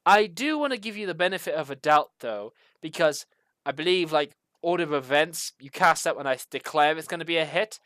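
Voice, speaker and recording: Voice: medium pitch, lively intonation, a little fast, fairly bright tone, no echo. This is a game master calling the turns of a tabletop session. The narration runs loose and is padded with fillers. The sound is dry, with no room around the voice. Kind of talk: running a tabletop game over voice chat.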